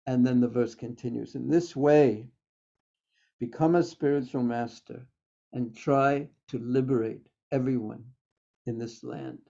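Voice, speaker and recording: A man's voice: mid-range voice, fairly even intonation, measured pace, gravelly, mellow. A man teaching a class on scripture, telling stories and quoting verses with occasional fillers. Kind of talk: scripture lecture. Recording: dull, lo-fi lecture recording.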